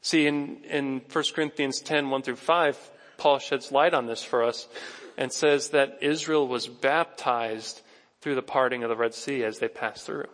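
A male pastor preaching a sermon in a church sanctuary, conversational and animated, speaking directly to his congregation. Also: mid-range voice, measured pace, in a large hall.

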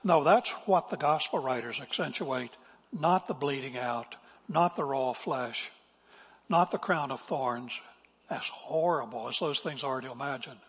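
A man's voice: medium pitch, unhurried, breathy edge. A male pastor giving an earnest, emphatic sermon, now and then acting out quotes. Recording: long reverb of a large hall.

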